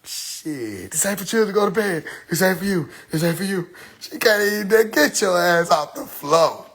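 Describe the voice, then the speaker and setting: A man's voice: sits high, normal speed, vocal fry, breathy edge. A young man telling a funny story from his childhood in a casual monologue, laughing often and swearing freely. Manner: animated, laughing, profane. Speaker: streamer.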